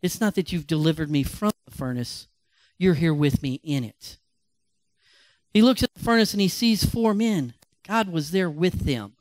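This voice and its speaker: Pastor guy preaching, animated, pretty high voice, dry sound. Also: normal speed, no room sound. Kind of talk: sermon storytelling.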